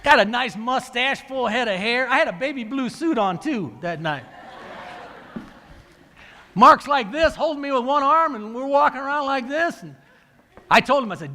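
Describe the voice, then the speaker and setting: A man's voice: extremely high pitch, moderate pace, pauses often, a little hiss or hum. A middle-aged man, a coach telling a story to an audience and acting out the dialogue. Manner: animated, acts out quoted dialogue. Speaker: wrestling coach and speaker. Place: large hall. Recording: reverberant hall.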